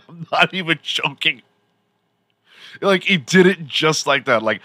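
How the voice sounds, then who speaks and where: A man's voice: mid-range voice, animated, takes it slowly, pauses often, bright, forceful tone, breathy edge, no room sound. A man hosting a podcast, telling a rambling story in a casual, profane way and laughing often as he goes. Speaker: podcast host.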